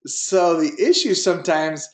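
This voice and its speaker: Male instructor, fairly high voice, folksy and rambling with many fillers, on a video call in an echoey room. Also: measured pace. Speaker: drone pilot test prep instructor. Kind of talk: online class lecture with a told joke.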